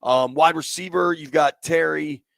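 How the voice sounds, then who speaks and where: This D.C. man's fairly high, creaky voice is fairly bright, with fairly even intonation and an unhurried pace, recorded without echo. Hosting a sports radio livestream, he's relaxed and rambling, with lots of fillers and restarts.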